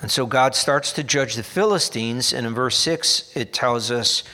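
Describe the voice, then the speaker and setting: A man delivers a sermon from the pulpit, unhurried and deliberate in his phrasing. His voice sits at an ordinary middle pitch, earnest but ready with a wry aside. The sound rings out with the long reverb of a large church hall. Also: pushed and bright. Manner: slow, earnest preaching with dry humorous asides. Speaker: pastor.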